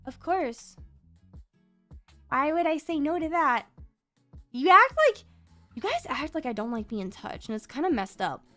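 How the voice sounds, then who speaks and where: A high-voiced woman chats with her stream audience while drawing, teasing viewers with mock outrage. She swaps between rapid talk and slow, careful speech with breaths in between. Faint music plays softly under her voice. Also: expressive. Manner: playful, shifts between very fast and deliberately slow speech; teasing, mock-offended outbursts at chat. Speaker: VTuber streamer.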